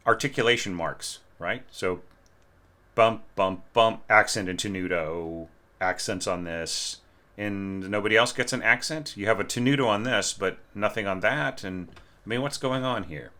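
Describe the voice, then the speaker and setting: Male teacher, low voice, crisp bright tone, conversational score review with frequent tag questions. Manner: frequent "right?" tag questions, hesitant restarts, sings phrases. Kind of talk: casual spoken score critique.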